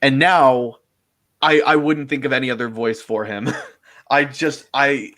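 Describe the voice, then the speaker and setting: A man's voice: medium pitch, fairly even intonation, unhurried, fairly bright tone. Rambling voice actor man, full of fillers. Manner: rambling, full of fillers and restarts, laughs often. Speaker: voice actor guest. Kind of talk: casual interview chat.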